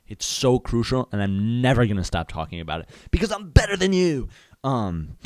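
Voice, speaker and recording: A man's voice: fairly low pitch, darkish tone, no room sound, studio quality. A young man hosting a podcast, rambling through a casual comedic monologue, hyped up and swapping silly words in for swears. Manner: hyped, rambling, self-censoring with silly substitutes. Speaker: podcast host.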